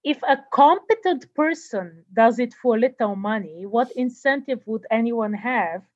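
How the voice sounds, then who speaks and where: Woman interviewer, fairly high voice, halting, dull dry recording. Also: expressive, no room sound. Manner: agreeable, halting with fillers. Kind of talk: conversational interview.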